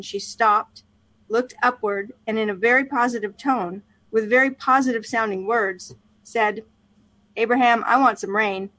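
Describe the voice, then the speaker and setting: Higher-voiced woman co-host, measured. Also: fairly bright tone, dry recording. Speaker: podcast co-host. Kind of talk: casual chat and reading a book aloud.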